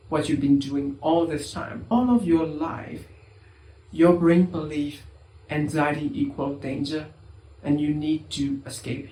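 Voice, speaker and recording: A man's voice: a little high, warm tone, slight background noise. A man coaching viewers through anxiety recovery in an earnest, reassuring self-help talk, speaking straight to the listener.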